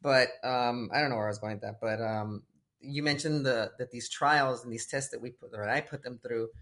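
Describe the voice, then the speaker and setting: A man who coaches tennis, chatting casually about faith and telling lively stories with acted-out voices. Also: medium pitch, moderate pace. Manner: animated storytelling, acts out voices of kids and God. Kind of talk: casual faith-based conversation.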